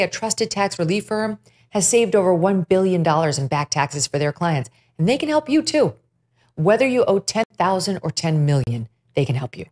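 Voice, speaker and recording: A middle-aged woman hosting an interview show, making brisk wry interjections and reading an ad. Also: fairly low pitch, a little mellow. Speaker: show host. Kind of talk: interview chat and ad read.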